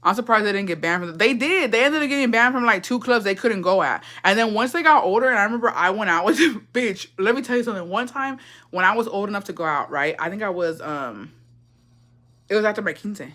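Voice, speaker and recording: A young woman from Texas telling family stories in a casual chat, animated and profane, acting out what people said. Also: medium pitch, fast. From Texas, USA. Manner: profane, animated, gossipy, acts out quotes. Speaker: storyteller.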